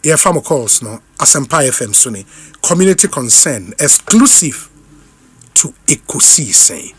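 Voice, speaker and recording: A man's voice: mid-range voice, very animated, husky. A man with a Ghanaian accent hosting a live radio talk show, reading out listener greetings and mixing English with Twi. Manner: reads out names and greetings briskly, repeats phone numbers slowly.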